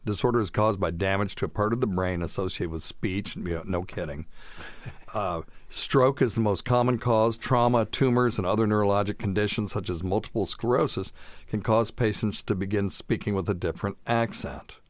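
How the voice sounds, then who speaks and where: A middle-aged doctor hosts a medical podcast in a fairly low voice at a normal speed, with no echo. His casual chat is jokey and rambling, often drifting off topic.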